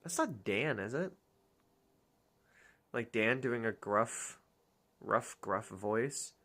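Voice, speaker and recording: Lively bright-voiced woman streaming a game, chatty, talks to chat. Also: extremely low pitch, slow. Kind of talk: casual gameplay commentary.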